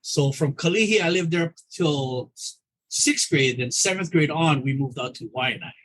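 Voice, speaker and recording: Man, husky, higher voice, lively storytelling, salty language. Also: moderate pace, rough recording. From Oahu, Hawaii. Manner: animated storyteller, profane, acts out dialogue. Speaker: podcast guest. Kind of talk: casual chat.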